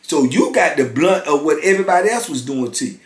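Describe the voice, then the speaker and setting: A man's voice: on the high side, lively intonation, brisk. A man in his fifties telling a story in a casual, slangy way, filling his talk with "man" and "you know". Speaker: storyteller recounting prison life. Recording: roomy echo.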